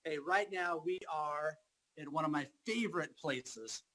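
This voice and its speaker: Energetic man guiding a tour, high voice, cheerful hype. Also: unhurried, rough recording. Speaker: presenter giving an office tour. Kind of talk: enthusiastic tour presenting.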